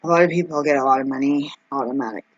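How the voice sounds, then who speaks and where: A woman vlogging casually as she works through her budget out loud, anxious and rambling, with frequent ums and exclamations. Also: extremely low pitch, very fast, dry recording, dull audio. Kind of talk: casual vlog, thinking aloud over budget.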